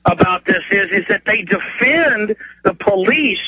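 A male radio host calls in and rants, his voice high and husky. He tumbles over his words, repeating himself and flaring into outrage. The phone line leaves the sound dull and thin. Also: animated, dry recording. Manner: fast, repetitive, stammering restarts, rising to bursts of outrage. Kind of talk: heated talk radio rant.

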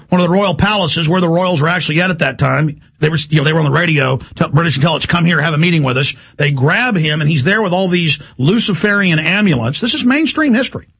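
A male talk radio host rattles through a heated, rambling monologue. His voice is gravelly and husky and sits somewhat high for a man. He talks fast and keeps pushing ahead. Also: a bit bright.

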